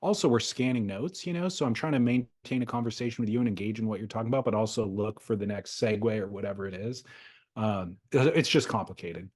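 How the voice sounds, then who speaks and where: A man's voice: fairly low pitch, fast talker, darkish tone. A man co-hosting a podcast in casual chat, chatty and a little pedantic. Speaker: podcast co-host.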